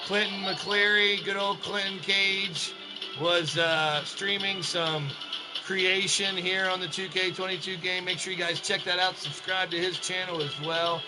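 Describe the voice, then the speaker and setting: A man doing loose, chatty commentary over a wrestling video game on a live stream, giving shout-outs to his chat. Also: high voice, steady tone, unhurried, over loud music. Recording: noisy game stream with background noise.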